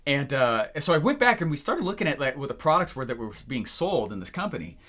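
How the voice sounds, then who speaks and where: A man's voice: medium pitch, quick pace. A young man coaching on business, telling stories and acting out the phone calls as he goes. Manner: animated storyteller who acts out phone calls. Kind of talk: energetic talking-head lesson.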